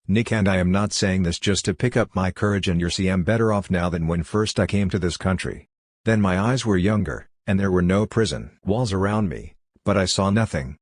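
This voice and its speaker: A man reading as a calm prisoner. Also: sits low, no echo, clean studio sound. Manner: even, reassuring, earnest. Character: calm, steady man imprisoned and awaiting execution.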